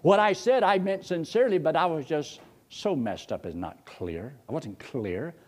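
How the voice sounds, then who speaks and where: Older man, preacher, folksy sermon storytelling, husky voice, lively pitch. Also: normal speed. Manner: folksy, animated, jumps high when excited, drops low for quotes.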